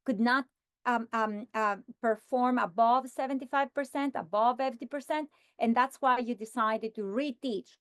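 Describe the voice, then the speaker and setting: High-voiced woman modeling phonics. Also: no echo, studio quality. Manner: slow, deliberate sounding-out of words. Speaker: teacher trainer. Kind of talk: modeling a phonics lesson for teachers.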